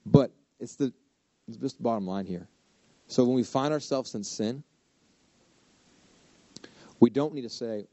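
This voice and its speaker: A man's voice: medium pitch, measured pace, long pauses, mellow, no room sound. A man preaching a casual, conversational sermon, acting out inner voices and poking fun at himself. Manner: conversational, self-deprecating, acts out inner voices. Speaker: pastor. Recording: dull, slightly lo-fi dry sound.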